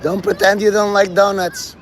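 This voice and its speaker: Guy livestreaming outside in the city, kinda high voice, joking and cussing, lots of street noise. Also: little pitch movement, normal speed. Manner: loose, joking, swears casually, talks to birds and viewers. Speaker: livestream vlogger. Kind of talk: rambling live stream chat. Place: open-air plaza among tall city buildings, outdoors. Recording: outdoor phone audio with street noise. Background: city street ambience.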